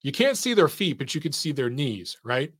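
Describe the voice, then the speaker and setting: A man's voice: mid-range voice, very animated, moderate pace, husky. A man hosting a casual boxing analysis show, talking emphatically with repeated rhetorical questions while walking through a clip. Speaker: boxing commentator and show host.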